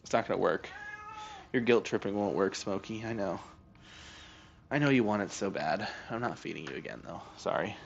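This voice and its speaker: A man's voice: fairly low pitch, expressive, normal speed, gravelly, highs cut off. A young man streaming a video game, chatting casually and joking with his cat. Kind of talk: casual live-stream chat.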